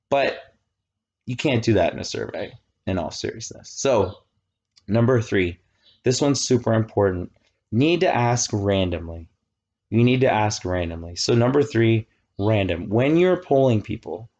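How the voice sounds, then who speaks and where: A man in his thirties giving a casual, animated classroom lecture, often checking that students follow. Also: on the low side, lo-fi sound. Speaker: college lecturer.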